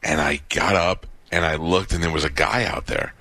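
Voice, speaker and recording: Man, radio host, low voice, bright tone, casual storytelling, dry mic. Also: normal speed, dry recording. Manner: storytelling, animated quotes.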